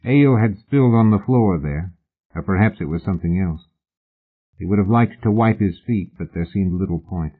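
A man narrating an audiobook in a measured, literary manner. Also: deep voice. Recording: husky voice on a tinny phone-like line.

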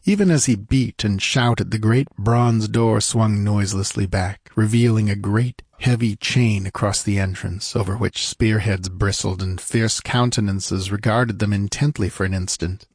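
A man reading an adventure novel aloud as audiobook narrator, measured and even. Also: lowish voice, breathy edge, no room sound, clean studio sound. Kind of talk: scripted narration.

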